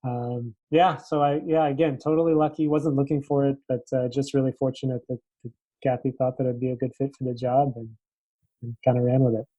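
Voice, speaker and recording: Young guy coach telling a story, mellow dark tone, dry close sound, acts out the quotes. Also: mid-range voice, fairly quick, dry recording, highs cut off. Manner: animated, acts out quoted dialogue. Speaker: tennis coach. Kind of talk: casual interview storytelling. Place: Los Angeles area.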